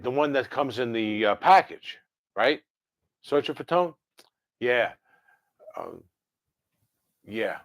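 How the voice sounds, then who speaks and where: A man in his fifties from New Jersey hosts a livestream, chatting casually in reply to viewer comments. His medium-pitched voice is recorded on a dry, close mic with no room sound, and he rambles along with lots of fillers and self-corrections.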